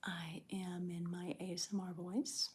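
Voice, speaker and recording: A woman hosting a live ASMR stream, chatting with viewers in a soft, calm whisper with small laughs. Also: fairly low pitch, a little slow, a little hiss or hum. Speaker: ASMR livestream host.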